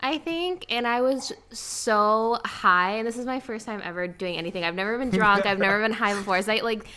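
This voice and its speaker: A young woman casually telling a funny personal story on a podcast, animated and quoting herself. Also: medium pitch, a little fast. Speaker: podcast guest, sister of co-host.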